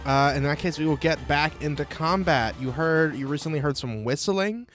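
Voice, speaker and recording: A man's voice: fairly high pitch, normal speed, a bit bright, soft background music. Male game master with a loose, casual delivery and a habit of cursing. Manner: casual and profane, with frequent filler sounds. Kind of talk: running a tabletop game.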